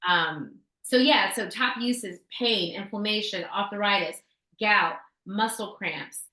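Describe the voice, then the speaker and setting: A woman's voice: medium pitch, slow, bright, forceful tone. A woman co-hosting a casual talk show, telling a story in a chatty way, with fillers and restarts. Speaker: podcast co-host sharing essential oil tips. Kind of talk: casual chat. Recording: roomy echo.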